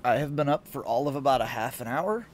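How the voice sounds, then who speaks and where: Brief: man streaming games at home, groggy congested morning voice, rambling and chuckly, mid-pitched, slight hiss behind. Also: lively intonation, quick pace. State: sleepy morning voice, congested sinuses. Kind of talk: casual game-stream chat. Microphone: desk mic.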